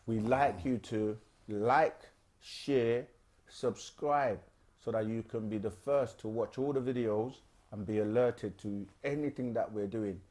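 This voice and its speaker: A man hosting a live question-and-answer stream, explaining things in a loose, unhurried way with plenty of fillers. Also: on the low side, a little mellow. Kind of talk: casual explanatory talk.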